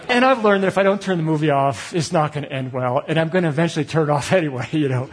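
A middle-aged man from Connecticut delivers a sermon as a personal story, acting out the conversations he recounts. His voice sits a bit higher than most men's and carries a breathy, husky edge. The tone is candid and confessional. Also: animated, quick pace. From Connecticut, USA. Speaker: pastor.

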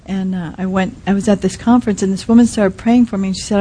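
Soft-spoken woman with a husky, mellow voice. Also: mid-range voice, fairly even intonation, rough recording. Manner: soft, halting, many restarts and fillers. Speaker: speaker at a Christian teaching. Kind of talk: sermon.

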